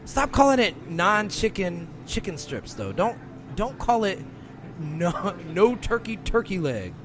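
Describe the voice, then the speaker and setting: A man co-hosting a radio show, ranting in an animated, exasperated way and laughing between complaints. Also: high voice, measured pace, background noise. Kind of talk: casual comedic rant.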